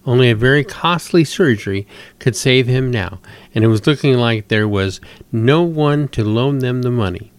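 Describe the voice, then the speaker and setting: A male host reads a story aloud at a steady, measured pace. His voice sits at an ordinary middle pitch for a man. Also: smooth, no room sound.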